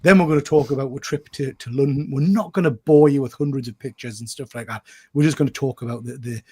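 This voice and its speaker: A man's voice: medium pitch, quick pace, warm tone, breathy edge. A male host chatting casually on a livestream, joking and reading out viewer comments with lots of repeated phrases.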